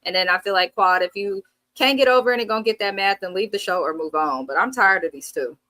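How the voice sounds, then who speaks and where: A woman's voice: medium pitch, quick pace, bright, forceful tone, no echo, rough recording. A woman co-hosting a casual TV recap, blunt and opinionated, swearing freely. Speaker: co-host.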